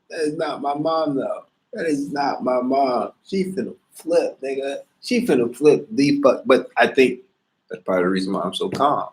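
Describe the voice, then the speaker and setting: A man in a casual monologue, talking in a slangy, profane, animated way. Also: mid-range voice, normal speed.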